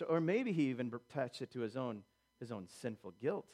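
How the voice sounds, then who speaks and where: A man's voice: on the high side, a little fast. A man preaching a sermon, acting out quotes in character and building emphasis through repetition. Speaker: pastor.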